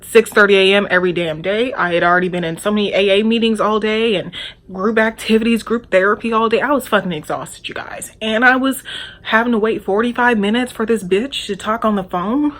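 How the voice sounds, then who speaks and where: A woman's voice: mid-range voice, a little fast, fairly bright tone. A young woman telling a storytime vlog, candid and profane, talking straight to her viewers. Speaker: vlogger.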